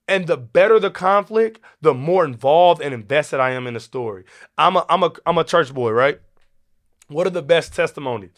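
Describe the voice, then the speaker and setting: A man hosting a podcast, talking in a casual, animated way with many restarts and an African American English lilt. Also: fairly high pitch. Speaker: podcast host. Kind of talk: casual teaching talk.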